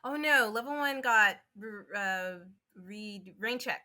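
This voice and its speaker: Bright-voiced woman chatting, quick to laugh. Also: fairly high pitch. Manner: expressive, laughs often, swears casually. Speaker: podcast co-host. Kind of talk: casual podcast chat.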